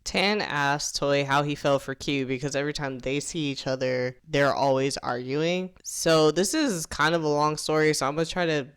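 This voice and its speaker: A casual recap host talks through a series episode in a smooth, clean voice. The speaker is chatty and exasperated, and swears freely. Lines from the characters come out as quick, acted-out asides. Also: mid-range voice, fairly bright tone.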